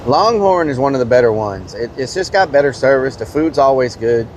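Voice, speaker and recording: A man's voice: medium pitch, lively intonation, fairly quick, background noise. A man, a streamer casually telling a rambling story to his live chat, full of fillers and mild swearing.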